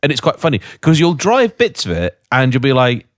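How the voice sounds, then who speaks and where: A man hosting a casual podcast chat, telling lively anecdotes about cars and travel. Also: mid-range voice, fairly quick, no echo, studio quality. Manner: chatty storyteller, lively anecdotes. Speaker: podcast host.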